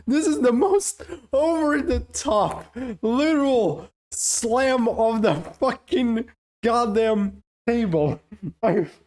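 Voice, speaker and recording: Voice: medium pitch, darkish tone. A streamer giving live playthrough commentary, swearing often and laughing through the talk.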